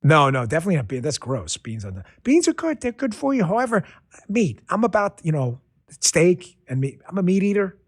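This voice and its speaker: Speaking in a high, sing-song voice and a little fast, a middle-aged New York podcast host chats about politics in a loose, joking manner full of rambling asides.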